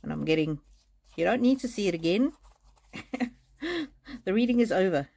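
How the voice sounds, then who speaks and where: A woman giving a live-streamed oracle card reading in a gentle, reassuring way, often restarting her sentences. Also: medium pitch, animated, moderate pace, gravelly. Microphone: streaming mic.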